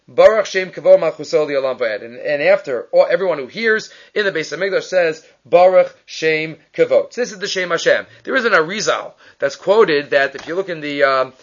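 A man teaching a Talmud class, quoting Hebrew and Aramaic texts and explaining them in English, often asking and then answering his own questions. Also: on the high side. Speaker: Torah teacher. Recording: muffled, lo-fi recording.

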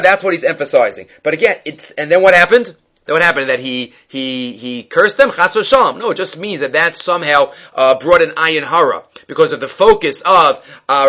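A man's voice: a little high, a bit bright. A man teaching a Talmud class, reading the texts aloud in a chanting lilt and then explaining them in loose, casual asides. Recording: dull lo-fi recording.

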